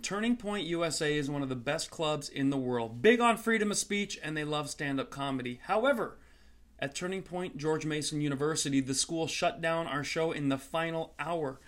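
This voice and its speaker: A comedian hosting his own show, delivering an energetic intro and promo with a hyped, salesy manner and sarcastic asides. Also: fairly high pitch.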